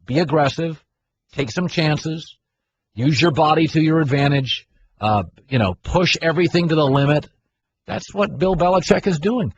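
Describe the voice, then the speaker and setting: A middle-aged man hosting a sports talk radio show, arguing his opinions in a brash, animated way. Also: on the high side. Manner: brash, argumentative, mimics people in loud voices. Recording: dull broadcast audio with faint noise.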